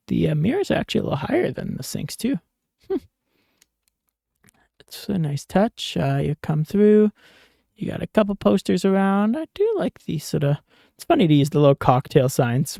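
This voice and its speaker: A man giving casual let's-play commentary as a gaming YouTuber, relaxed and musing with small fillers and laughs. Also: on the high side, vocal fry, no echo, clean studio sound.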